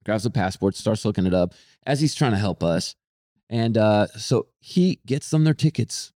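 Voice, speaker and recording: Animated young man telling a story. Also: lowish voice, moderate pace, no room sound, studio quality. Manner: animated, swearing, acts out shouting people in a raised voice. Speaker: podcast co-host. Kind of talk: casual storytelling chat.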